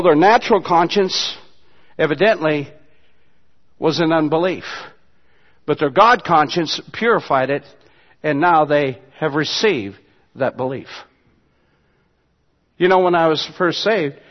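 A man preaching a sermon as pastor, dropping to quiet asides and rising to loud, emphatic passages. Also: fairly high pitch, in a large hall, highs cut off.

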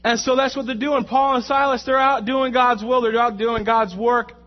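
High-voiced young preacher in echoing hall. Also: male voice, normal speed. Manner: animated, joking, stumbling over repeated words. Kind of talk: sermon. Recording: muffled, in a reverberant hall.

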